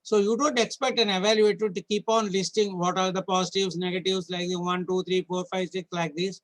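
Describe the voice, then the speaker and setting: A man with a rather high voice leads a training session for judges. He works through slides one point at a time, instructive and a little halting, with frequent restarts. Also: level tone, poor audio. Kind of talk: online training lecture.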